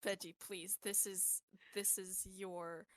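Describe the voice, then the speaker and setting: A woman's voice: medium pitch, little pitch movement, slow pace, dry recording. A woman playing a tabletop game, playfully describing what her character does. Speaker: player. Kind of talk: casual game chat.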